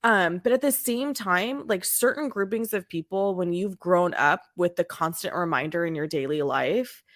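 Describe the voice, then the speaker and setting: A woman's voice: fairly low pitch, normal speed, a bit bright, dry recording, studio quality. A woman hosting a podcast in casual chat, thoughtful and searching for her words as she goes. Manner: thoughtful, searches for words, many fillers and restarts. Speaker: podcast host.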